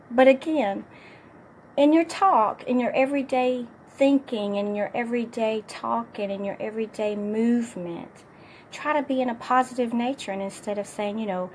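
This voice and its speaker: A middle-aged woman fitness coach gives her viewers an upbeat, encouraging motivational talk despite a hoarse, partly lost voice. Her pitch is fairly high, and there's a little hiss or hum in the recording.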